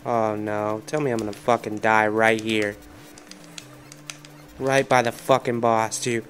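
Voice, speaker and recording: Male let's-play commentator, slow and profane, ranting, faint game music behind. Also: lowish voice, little pitch movement, fairly bright tone. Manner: frustrated, heavy swearing, ranting. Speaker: gaming commentator.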